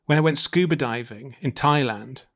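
A man's voice: mid-range voice, normal speed, fairly bright tone. A man telling a comic story in casual chat, rambling with stammered restarts. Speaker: comedian, podcast guest.

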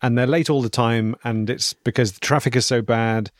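Man, mid pitch, plot recap, casual, dry sound. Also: fairly even intonation, normal speed, no echo. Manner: recounting plot step by step. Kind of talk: casual film review chat.

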